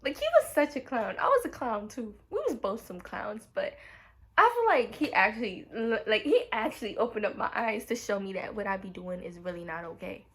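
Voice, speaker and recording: A young woman vlogger telling a story in a casual, animated way and acting out quotes. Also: mid-range voice, brisk. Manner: animated retelling with acted quotes, African American English grammar.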